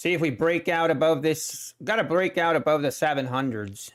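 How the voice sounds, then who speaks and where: A man's voice: fairly high pitch, normal speed. A man hosting a live day-trading stream, chatting casually with viewers and thinking aloud about the market, often trailing off and restarting. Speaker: day trading livestream host.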